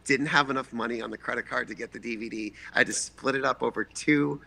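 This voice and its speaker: Gravelly bright-voiced storyteller man. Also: mid-range voice, fast talker. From Boston area, USA. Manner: animated, profane, acts out voices in his stories. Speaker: guest filmmaker. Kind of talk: casual storytelling anecdote.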